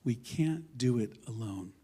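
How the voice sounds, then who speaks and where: A rabbi gives a sermon in a synagogue sanctuary, his medium-pitched, expressive voice a little slow and breathy. Emphatic and wide-ranging, he alternates booming declarations with hushed asides and weaves in humorous, self-mocking stories.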